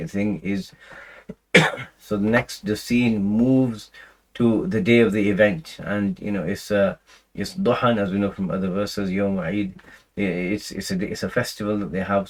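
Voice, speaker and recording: A man teaching a Quran commentary class in a relaxed, conversational way, full of fillers and restarts, now and then reciting Arabic verses. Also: fairly low pitch, a little slow, poor audio. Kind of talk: casual lecture on scripture.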